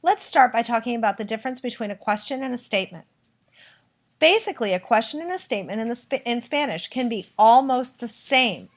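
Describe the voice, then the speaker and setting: A woman teaching a recorded lesson, explaining clearly and patiently and acting out example sentences. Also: on the high side, lively intonation, a little fast. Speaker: Spanish teacher.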